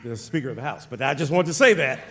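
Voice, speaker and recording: A man interviewing a guest on stage at an author event, animated and jokey, his voice jumping from loud bursts to quiet asides. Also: medium pitch, fast talker, a little hiss or hum. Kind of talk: lively on-stage conversation.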